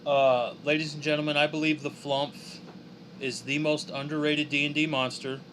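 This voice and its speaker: A man's voice: on the high side, little pitch movement, moderate pace, fairly bright tone, slight background noise. A young man chatting casually on a drawing livestream, joking and reading chat aloud. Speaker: streaming artist.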